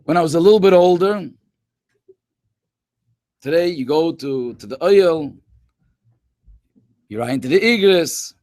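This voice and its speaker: Rabbi telling stories to schoolchildren. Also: male voice, fairly high pitch, animated, measured pace, long pauses, a little mellow, dry recording, studio quality. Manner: conversational, peppered with Hebrew and Yiddish terms. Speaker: rabbi and educator. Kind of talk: storytelling talk to schoolchildren in a webinar.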